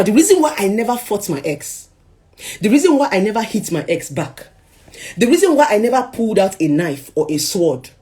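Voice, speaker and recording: Dramatic Nigerian woman telling her story. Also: on the low side. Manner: dramatic storytelling, swinging from hushed to loud. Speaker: speaker sharing a personal story. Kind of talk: emotional personal testimony.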